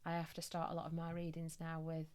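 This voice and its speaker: Woman guest, psychic medium, low-pitched, lively anecdotal delivery. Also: smooth. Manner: lively storyteller, quick bursts of laughter. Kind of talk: casual podcast chat.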